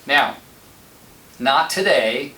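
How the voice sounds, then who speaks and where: Male team-lead trainer, chatty anecdotal delivery, mid pitch, filmed in an echoey meeting room from a distance. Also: expressive, drawn-out words, bright, forceful tone. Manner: conversational, tells anecdotes with quoted dialogue. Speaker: real estate team leader and trainer. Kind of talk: casual sales training talk. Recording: roomy sound from a distant mic, faint noise.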